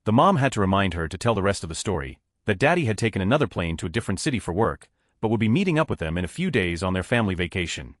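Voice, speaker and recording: A man reading short online stories aloud as scripted narration, with a flat delivery that lifts at each story heading. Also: low voice, racing, no echo, clean studio sound.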